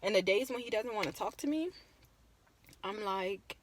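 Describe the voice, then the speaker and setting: A woman's voice: mid-range voice, normal speed. Tearful young woman telling a story. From Virginia. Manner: emotional, tearful, casual storytelling. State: close to crying. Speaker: vlogger. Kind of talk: personal storytelling vlog.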